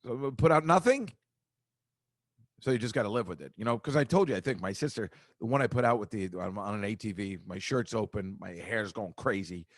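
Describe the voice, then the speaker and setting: A man hosts his own podcast, rambling through a casual, self-deprecating comic monologue. His voice is lively and brisk, shifting pitch a lot, and the studio-quality recording has no echo.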